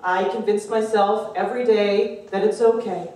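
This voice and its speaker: A woman comedian arguing a comic debate on stage, sarcastic and animated, swearing and mocking people in put-on voices. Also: medium pitch, normal speed. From Canada. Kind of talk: stand-up comedy argument. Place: stage in a room with a live audience. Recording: echoey room recorded from a distance.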